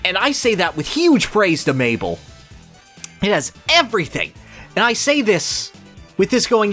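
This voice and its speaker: A podcast co-host in casual chat, gushing about a cartoon with excited bursts and frequent laughter. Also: medium pitch, unhurried, faint music behind.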